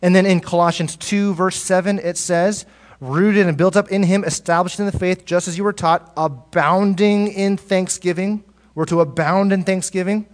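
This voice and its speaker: Preacher man swinging loud and soft. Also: steady tone, moderate pace. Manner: swings between loud emphatic peaks and soft low asides, repeats words. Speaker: pastor. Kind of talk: sermon.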